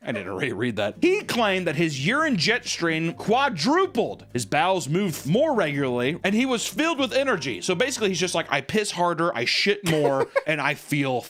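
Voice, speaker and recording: A man with a fairly high, lively voice hosts a casual podcast. He reads out odd stories and breaks them up with crude jokes and goofy quoted voices. His talk bounces up and down in pitch. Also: normal speed. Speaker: podcast host. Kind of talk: casual comedic podcast storytelling.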